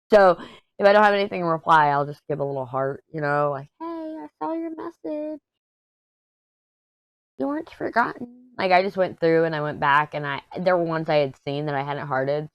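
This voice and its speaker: A woman, chatting casually as a crafting vlogger in a hoarse, tired voice, rambling and self-deprecating. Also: low-pitched, no echo. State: hoarse, worn out. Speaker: crafting YouTuber. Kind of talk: casual chat while diamond painting.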